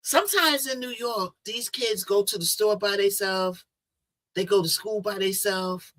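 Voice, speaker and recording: A woman's voice: mid-range voice, measured pace, fairly bright tone. A woman host chatting through a news case in a casual, conversational way, full of rhetorical asides.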